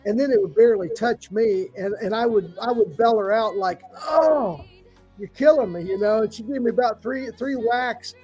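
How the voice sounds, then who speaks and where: A middle-aged man co-hosting a podcast, telling family stories in a halting, emotional way with many fillers. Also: sits high, breathy edge, faint music behind, rough recording. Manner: warm storyteller, halting with fillers, tearful at times. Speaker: podcast co-host. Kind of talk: heartfelt podcast tribute.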